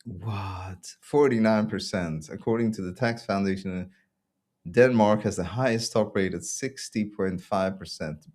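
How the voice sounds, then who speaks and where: A man's voice: lowish voice, darkish tone. A man from Belgium hosting a casual opinion show, ranting sarcastically and laughing often. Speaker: podcast host.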